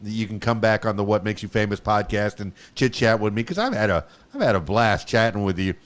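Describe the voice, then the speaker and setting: A man's voice: fairly low pitch, expressive, a little fast. A man hosting a podcast interview, talking casually over a video call in a rambling, hesitant way with many fillers. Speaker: podcast host.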